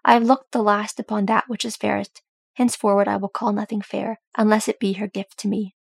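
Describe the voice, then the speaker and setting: Woman doing a gruff, heartsick dwarf warrior. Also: medium pitch, level tone, brisk, no echo. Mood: lamenting. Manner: gruff, lamenting.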